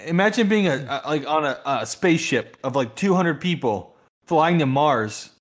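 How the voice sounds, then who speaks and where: A man's voice: on the high side, animated, moderate pace. A man chatting casually, rambling through ideas and laughing often. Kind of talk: casual chat.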